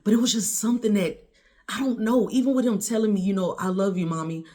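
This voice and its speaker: A woman recounting a harrowing personal story straight to the camera, her voice climbing high and loud when she relives her own words, then dropping low and quiet. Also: fairly even intonation, quick pace. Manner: intense, rising to near-shouts when quoting herself.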